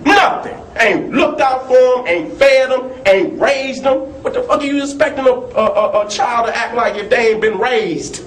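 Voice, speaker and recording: Fired-up high-voiced man, echoey room. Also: moderate pace, hardly any pauses. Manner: animated, profane, storytelling with laughs. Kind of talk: heated talk. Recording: echoey room with faint noise.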